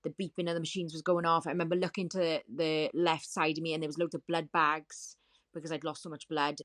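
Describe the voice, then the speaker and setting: A woman with a low, deep voice tells her own story as a podcast guest. She talks in a vivid, repetitive way, circling back to key details and quoting what people said to her. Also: flat delivery, a little fast, a bit bright. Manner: vivid, repetitive retelling with quoted dialogue. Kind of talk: personal storytelling in a podcast interview.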